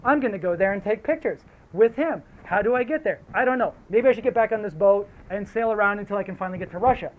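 Man doing restless young drifter, high voice, slangy, swearing. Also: fast, hardly any pauses, phone-quality sound, close to an everyday voice.

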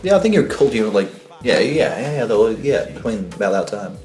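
A man's voice: lowish voice, very animated, a little fast, a little mellow, soft background music. A young man from Australia co-hosting a podcast in casual, rambling chat, often laughing and joking crudely. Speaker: podcast co-host.

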